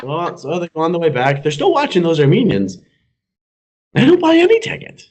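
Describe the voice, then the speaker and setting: Young man, podcast co-host, animated, swooping, slightly high voice, laughs at his own jokes. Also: brisk. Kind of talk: casual joke-telling chat.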